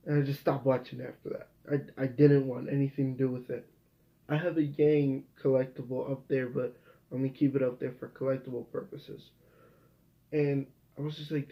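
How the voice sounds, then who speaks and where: A man's voice: medium pitch, level tone, moderate pace. A young man in a casual vlog monologue, rambling and swearing often, with many restarts. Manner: rambling, profane, frequent restarts. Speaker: video creator. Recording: dull lo-fi recording.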